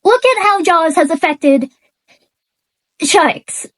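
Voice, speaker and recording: Recorded badly with an unplugged microphone, this unscripted vlog shows a book reviewer ranting angrily, near tears. She has a very high voice with lively intonation, stammering and starting her sentences over.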